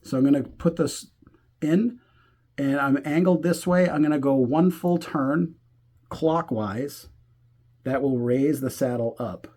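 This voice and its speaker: A man walking through a guitar setup step by step, talking in a relaxed way while he works and thinking aloud as he goes. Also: medium pitch, measured pace. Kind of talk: hands-on tutorial explanation.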